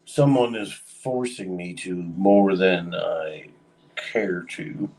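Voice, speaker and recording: A man's voice: low voice, takes it slowly, darkish tone, recorded from a distance, low-quality recording. A man casually telling a long story on a livestream, rambling with lots of fillers. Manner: rambling, many fillers, acts out quoted voices.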